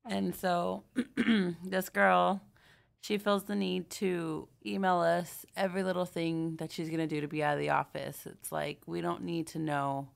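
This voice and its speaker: Deep gravelly woman, blunt. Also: level tone, unhurried. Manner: blunt, matter-of-fact complaining. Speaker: podcast co-host. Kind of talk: casual chat.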